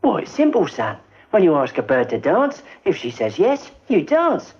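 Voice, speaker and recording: A cocky army corporal. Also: male voice, a little high, huge pitch swings, moderate pace, a little mellow. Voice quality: cocky, with slangy talk. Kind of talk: 1950s British film comedy acting. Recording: dull old film soundtrack with hiss.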